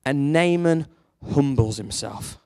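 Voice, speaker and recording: Lively preacher, dry close sound. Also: male voice, medium pitch, slow, clear, resonant tone, dry recording. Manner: storytelling, animated, rises sharply for emphasis; rhetorical questions to the congregation. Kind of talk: sermon.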